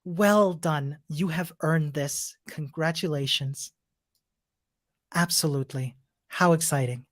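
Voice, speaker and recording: A man's voice: on the high side, takes it slowly, a bit bright, no room sound, clean studio sound. Upbeat man cheering on coding students. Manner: upbeat, encouraging, chatty with frequent restarts; laughs often between remarks. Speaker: coding bootcamp instructor. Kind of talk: live-stream class wrap-up and Q&A.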